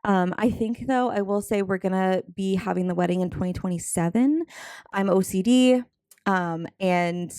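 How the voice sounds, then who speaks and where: A woman in her twenties talks casually to her viewers as a budgeting vlogger. She is bubbly and chatty, with plenty of "um" and "like" and quick asides, at a voice of middling pitch. She sounds a little out of breath. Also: dark tone, clean tone. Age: 20s. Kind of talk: casual chat to camera.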